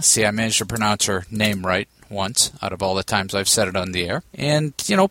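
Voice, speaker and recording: A man's voice: mid-range voice, a bit bright, no room sound. A man hosting his own podcast, talking casually in a chatty, self-mocking way with rambling asides. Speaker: podcast host. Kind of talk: casual solo podcast talk.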